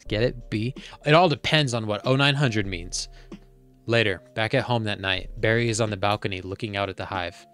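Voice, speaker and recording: A man's voice: animated, moderate pace, soft background music. A man reading a film script aloud for comedy, doing all the character voices himself and adding dry asides. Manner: jumps into high, loud voices for the characters, then back to dry asides.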